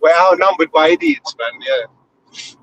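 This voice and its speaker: A man in his thirties hosts a free-flowing live talk, his voice sitting a little high. He swears freely and rambles with animated enthusiasm, with a faint hiss under the recording. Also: measured pace, rough recording. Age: 30s. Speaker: host. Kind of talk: casual live discussion.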